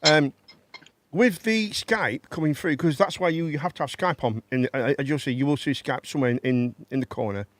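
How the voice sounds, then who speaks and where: A man's voice: a little high, a little fast, fairly bright tone, dry recording. Rambling man hosting a live chat. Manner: rambling, repeats words, banters with guests. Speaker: live stream chat show host. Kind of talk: casual live stream chat.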